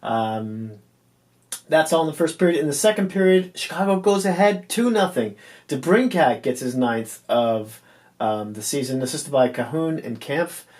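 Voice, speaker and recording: A man's voice: a little high, animated, normal speed, darkish tone. Chatty man recapping hockey scores. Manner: loose and chatty, full of ums, trips over player names. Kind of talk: casual game recap.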